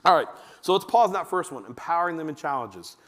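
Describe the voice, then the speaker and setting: A man giving a talk to fathers at church, telling family stories and acting out his kids in a high voice. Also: fast talker. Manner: animated storytelling, acts out his kids in a high voice. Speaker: men's ministry speaker. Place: church hall. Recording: long hall reverb.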